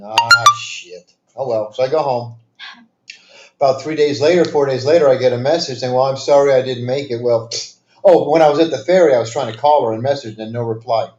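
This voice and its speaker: A man's voice: medium pitch, a little fast, noisy background. Male storyteller, casual and wandering, dry wit; dull lo-fi call audio. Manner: rambling, many fillers and restarts, dry humor. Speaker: guest telling stories. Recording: echoey, dull lo-fi sound.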